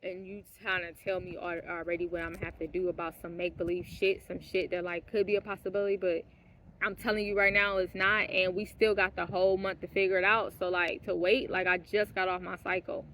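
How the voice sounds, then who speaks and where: A woman vlogger telling a personal story in a casual monologue, blunt and profane, dropping to hushed asides and then rising into heated outbursts, laughing now and then. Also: on the low side, little pitch movement, a little fast, slight background noise. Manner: laughs mid-sentence.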